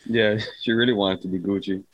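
A man co-hosting a casual movie review podcast, blunt and swearing, with quick reactions. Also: lowish voice, fairly even intonation, no room sound, rough recording. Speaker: podcast co-host.

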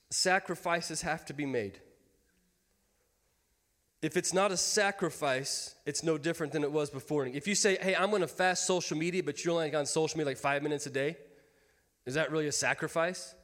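A man in his thirties preaches to his church in a high, light voice, folksy and quick to joke with the congregation. His words ring out with a long hall reverb around them. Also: fairly bright tone. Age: 30s. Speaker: pastor. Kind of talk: sermon. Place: church sanctuary.

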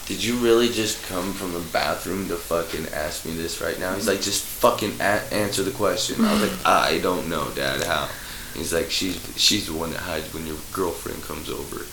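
A man's voice: low voice, normal speed, hardly any pauses, echoey room, background noise. A man telling long, profane jokes and stories in a rambling, casual way, putting on voices for the people in them. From Idaho. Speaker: podcast guest, local musician. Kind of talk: casual storytelling.

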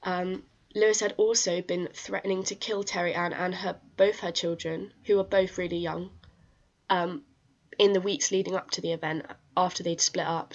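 A woman with a fairly low voice co-hosts a casual true-crime podcast. She retells the case in a loose, chatty way, full of fillers and restarts, and the recording has a dull, muffled lo-fi sound. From England. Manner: chatty storyteller, reads case details with many fillers. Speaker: podcast co-host.

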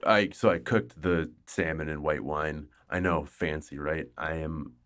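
A man with a very low, deep voice hosts his podcast from home in casual chat. He rambles and jokes at his own expense, a little tipsy. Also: steady tone, a little slow, fairly bright tone. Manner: rambling, joking, self-mocking. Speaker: podcast host. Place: home, hot room without air conditioning.

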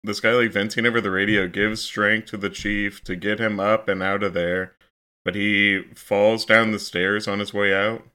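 A man with a lowish, smooth and clear voice walks through a movie's plot on a casual podcast. He talks steadily, scene by scene, with easy fillers. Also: level tone, normal speed, bright, forceful tone. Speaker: podcast co-host.

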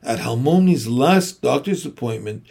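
A man reading a weary, gentle mother. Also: mid-range voice, lively intonation, vocal fry, husky, heavily acted. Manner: soft, careful, measured. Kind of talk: audiobook character reading.

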